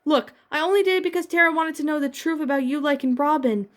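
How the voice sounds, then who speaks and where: A woman's voice: sits high, fast talker, pitched above the performer's own voice, close to an everyday voice. A woman voicing a nervous, guilty teen alien girl hero, pleading and apologetic in a fan-fiction reading.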